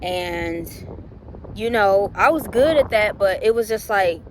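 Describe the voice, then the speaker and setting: A young adult woman casually telling a personal story to her viewers, acting out her own past reactions in a conversational, drawn-out way. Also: medium pitch, lively intonation, slight background noise. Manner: conversational, drawn-out speech with fillers. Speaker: vlogger.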